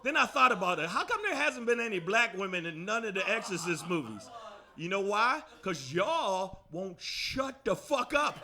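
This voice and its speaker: A man's voice: sits high, sing-song, normal speed, pushed and bright. A man doing a brash, profane stand-up comedy set in a comedy club, riffing with the crowd. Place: comedy club before a live audience. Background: audience laughter.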